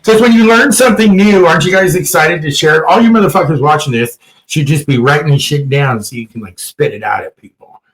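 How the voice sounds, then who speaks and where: A man hosting a casual podcast chat, telling fun facts in a crude, joking, animated way. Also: fairly high pitch, fast, hardly any pauses, reverberant, poor audio. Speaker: podcast host.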